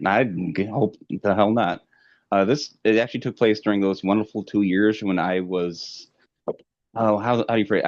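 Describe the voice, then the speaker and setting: A man from the American Midwest co-hosting a podcast, telling stories in a dry, deadpan way. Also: on the low side, no echo, dull audio. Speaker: podcast co-host. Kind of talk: casual chat.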